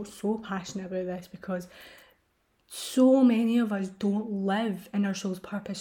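A woman's voice: medium pitch, warm tone. A woman hosting her own podcast, talking in a gushing, emotional way, swearing casually and slipping into whispers and laughter. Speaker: podcast host. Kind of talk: emotional solo podcast monologue.

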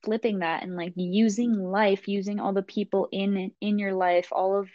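A woman hosting a podcast speaks calmly and reflectively, affirming her guest. Her delivery stays flat and even. The recording is dry and slightly muffled. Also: mid-range voice, moderate pace, no echo. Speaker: podcast host. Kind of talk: casual podcast conversation.

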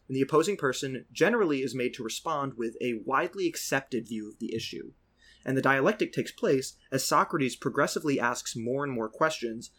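A young American man on a podcast, talking in an easy, rambling way with a middle-pitched voice. He trails into anecdotes, then settles into a patient, step-by-step explanation. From United States. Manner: relaxed storytelling, many restarts, slips into lecture mode. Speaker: podcast co-host. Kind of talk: casual podcast chat and explaining.

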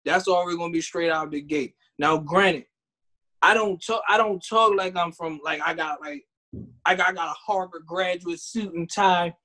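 A man with a high voice talks in a loose, animated way. He laughs easily and slips into quick impressions of other people while he makes his point. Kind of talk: casual chat.

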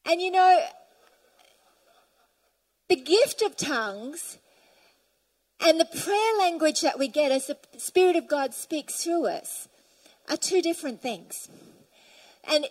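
A woman's voice: high voice, darkish tone, poor audio. Fervent woman preaching a sermon. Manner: fervent, reads scripture aloud and tells stories. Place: church.

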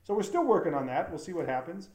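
A man with a slightly higher voice talks at length in a casual interview, rambling earnestly through many fillers and restarts. He speaks as a documentary filmmaker. The sound is roomy and echoey. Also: sing-song, quick pace, darkish tone. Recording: roomy echo.

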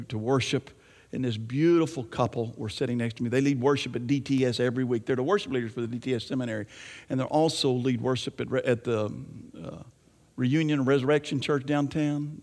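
A man preaching a sermon as pastor, animated, swinging between hushed asides and raised, emphatic lines. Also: medium pitch, fairly quick, in a large hall. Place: church.

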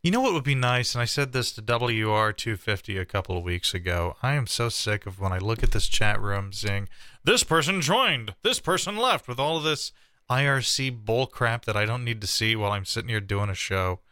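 A man's voice: fairly low pitch, a little fast, hardly any pauses, pushed and bright, smooth, dry recording, clean studio sound. A man co-hosting a casual podcast, chatty and joking, with a mildly exasperated edge. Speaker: podcast co-host.

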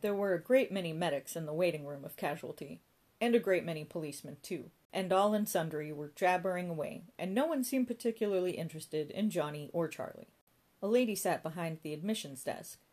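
Female audiobook narrator, low voice, dry comic read. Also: expressive, brisk, darkish tone. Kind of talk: scripted narration.

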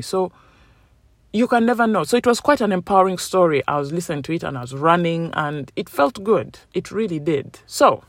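A woman's voice: on the low side, expressive, brisk, dry recording. Woman vlogger, tired after a run, upbeat motivational chat, dry close sound. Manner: upbeat and chatty, acting out quotes. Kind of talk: casual motivational talk to viewers.

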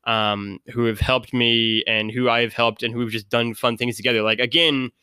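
Bright, clear-voiced male podcast guest. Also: mid-range voice, steady tone, normal speed, no room sound. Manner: rambling, many "like" fillers. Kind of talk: casual podcast chat.

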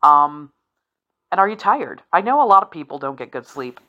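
A woman's voice: low-pitched, big pitch swings, normal speed, lo-fi sound. A woman in her forties talking candidly and profanely on her own, rambling with asides and laughter. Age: 40s. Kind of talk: candid solo talk.

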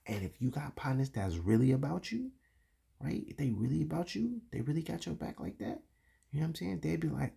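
Gravelly, husky man talking faith. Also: on the high side, lively intonation, brisk, warm tone. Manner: casual and confessional, with many fillers and street slang. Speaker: podcast host. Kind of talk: candid faith talk for men.

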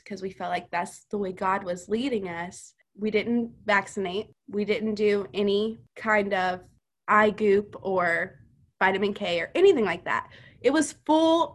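A woman's voice: medium pitch, measured pace. Female podcast guest, personal testimony, earnest and chatty with filler words.

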